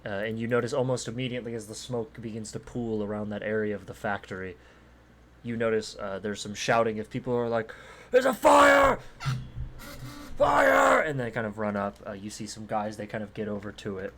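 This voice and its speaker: A man's voice: fairly low pitch, little pitch movement, fast talker, slight background noise. A man narrating as game master in a rambling way, with many fillers.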